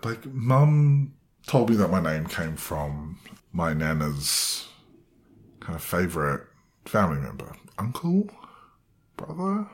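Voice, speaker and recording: A man's voice: sits low, slow. A young man in his twenties tells a personal story in a wandering, self-deprecating way, acting out the voices of the people in it.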